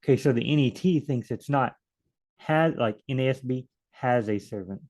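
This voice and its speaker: Man for a relaxed Bible study walkthrough, rambling and joking, average pitch. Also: normal speed. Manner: chatty, thinks aloud, joking asides.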